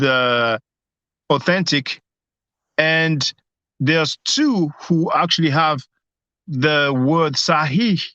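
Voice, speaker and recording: A man hosts a live stream from his phone and speaks in a fairly high voice. He hesitates often and restarts his sentences. The sound is muffled and dry, with no room echo. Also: pushed and bright. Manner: hesitant, many restarts and fillers. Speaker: host.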